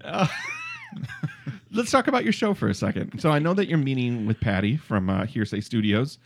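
A man's voice: mid-range voice, huge pitch swings, normal speed. A man in his forties from Michigan, hosting a casual podcast chat, joking and laughing often. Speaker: podcast host.

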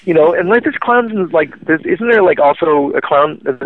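A man's voice: fairly high pitch, lively intonation, moderate pace. A man from Quebec co-hosting a casual gaming podcast, telling stories in a rambling way with lots of fillers. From Quebec, Canada. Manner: rambling, filler-heavy storytelling. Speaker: podcast co-host. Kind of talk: casual chat. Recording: tinny phone-like line.

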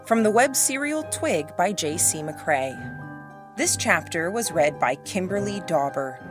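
A woman narrating an audiobook in a measured, even reading style on a close mic. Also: lowish voice. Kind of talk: scripted narration.

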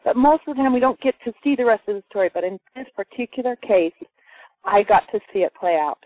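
A woman's voice: fairly high pitch, fast, no echo. A woman telling a personal story to a group, acting out the voices of the people in it. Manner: lively, acts out quoted voices. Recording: muffled phone-line sound, dry.

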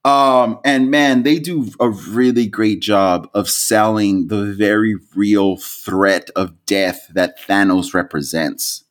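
Animated, swearing male podcast host. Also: slow, hardly any pauses. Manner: animated storyteller, swears freely, jumps to high laughing peaks. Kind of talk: casual podcast chat.

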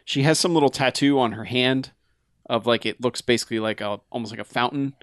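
Animated man recapping a movie. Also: mid-range voice, fairly quick, no echo, clean studio sound. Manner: animated, acts out characters' lines in goofy voices. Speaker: podcast co-host. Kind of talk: casual movie recap chat.

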